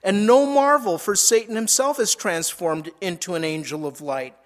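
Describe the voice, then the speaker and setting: A man's voice: sits high, normal speed. A man preaching a sermon, reading scripture verses aloud and explaining them, with frequent small repetitions. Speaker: pastor.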